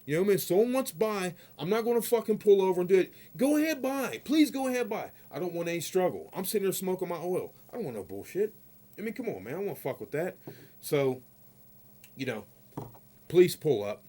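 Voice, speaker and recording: A man's voice: high voice, sing-song, quick pace, dark tone. Heated, profane male vlogger ranting. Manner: peppers talk with "you know what I mean". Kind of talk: ranting vlog storytelling.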